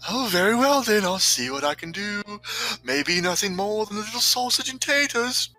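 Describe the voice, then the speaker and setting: A man's voice: high-pitched, expressive, normal speed, sharp tone, faint music behind, voice pushed up. A man voicing an eager, fussily courteous saloon bartender in a tabletop game.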